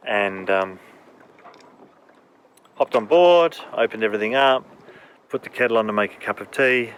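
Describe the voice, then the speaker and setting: A middle-aged man in shock, talking haltingly with many pauses as he records a video diary aboard his damaged boat. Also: fairly low pitch, a bit bright, a little hiss or hum. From Australia. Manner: halting, filler-heavy. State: in shock, emotional. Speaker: sailing vlogger.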